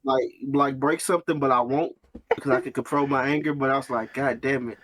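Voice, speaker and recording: A man's voice: medium pitch, steady tone, a little fast, fairly bright tone. A man from the United States, co-hosting a podcast, who reads a novel aloud and jokes about it, laughing often and swearing freely. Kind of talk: casual podcast chat and dramatic reading.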